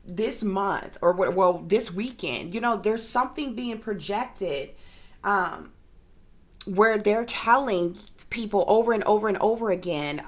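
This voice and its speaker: A woman's voice: mid-range voice, animated, unhurried. A woman, a psychic reader and video creator, ranting to her viewers in casual, profane speech, often checking in with her listeners. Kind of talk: casual direct-to-camera rant.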